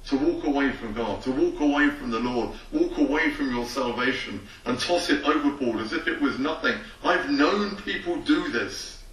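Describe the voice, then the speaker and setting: A man's voice: medium pitch, normal speed, hardly any pauses, distant mic. A man preaching a sermon as a rabbi, reading scripture, then acting out imagined conversations. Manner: reads scripture aloud, then preaches with lively acted-out voices. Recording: roomy echo from away from the mic.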